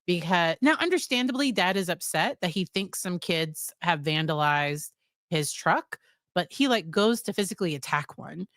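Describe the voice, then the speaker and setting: A woman's voice: fairly low pitch, lively intonation, moderate pace, fairly bright tone, dry recording, studio quality. An American woman psychologist casually recapping a series, chatty, with fillers and quoted lines. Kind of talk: casual spoken review.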